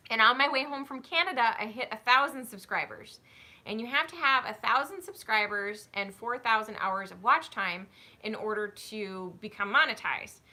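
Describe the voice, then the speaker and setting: A woman's voice: on the high side, pushed and bright. A woman hosting a live-stream question-and-answer session about horses, chatting casually and gushing with thanks to her viewers. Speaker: horse trainer and channel host.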